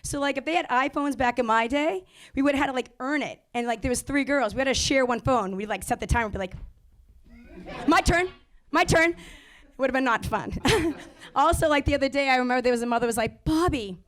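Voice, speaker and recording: A woman in her thirties doing a stand-up set about motherhood, sassy and acting out little exchanges. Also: high-pitched. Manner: brisk, sassy, acts out characters. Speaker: stand-up comedian. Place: comedy club stage.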